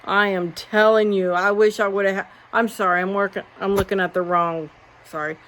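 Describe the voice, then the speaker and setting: A woman ranting casually to her viewers, blunt and animated, swearing freely, recorded on a phone indoors at a friend's house. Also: mid-range voice, normal speed, slight background noise. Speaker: vlogger.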